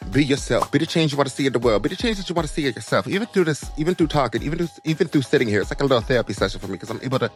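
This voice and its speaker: A young American man vlogging his life story, expressive and dramatic, jumping into high voices. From United States. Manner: animated, dramatic, leaps into high voices for quotes. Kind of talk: personal storytelling monologue.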